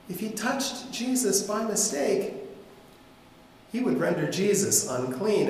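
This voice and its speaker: A man preaching a sermon in a church, his fairly high voice leaping and dropping as he tells the story with relish. The sanctuary adds long, ringing reverb to every phrase. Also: slight background noise. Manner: animated storytelling, acting out voices. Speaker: pastor. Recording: echoey hall reverb.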